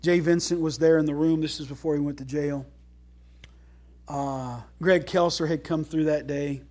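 A man preaching a sermon as pastor, folksy and animated, mixing loud emphatic lines with quiet low asides and jokes. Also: moderate pace.

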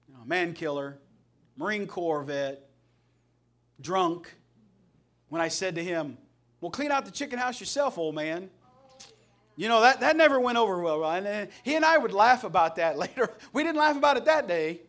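Pastor, middle-aged man from Indiana, high voice, folksy storyteller with a joking streak. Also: fairly bright tone. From Indiana, USA. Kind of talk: sermon.

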